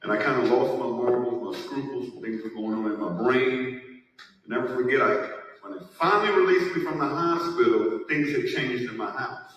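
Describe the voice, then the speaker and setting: A man's voice: medium pitch, animated, normal speed, a bit bright, highs cut off. A man giving an emphatic personal testimonial to an audience as a network marketing speaker, his story building in emotion. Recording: echoey hall, voice from far off.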